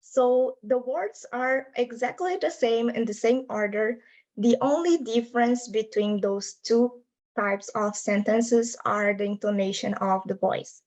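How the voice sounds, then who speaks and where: A woman's voice: a little high, unhurried, darkish tone, lo-fi sound. A young adult woman presenting her linguistics research in an academic talk over a video call, explaining patiently in non-native English phrasing.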